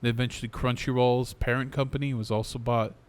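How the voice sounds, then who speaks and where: A man's voice: mid-range voice, flat delivery, fast talker, smooth. A man co-hosting an anime podcast, easygoing and hesitant, with plenty of fillers. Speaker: podcast co-host. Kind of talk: casual chat.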